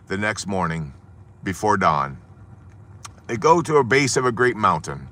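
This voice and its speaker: A man's voice: lowish voice, measured pace, pauses often. A man in his fifties or sixties, telling a parable in a dramatic, sermon-like way. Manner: animated, dramatic storytelling with hushed moments. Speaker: host giving an inspirational talk. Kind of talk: sermon-style storytelling.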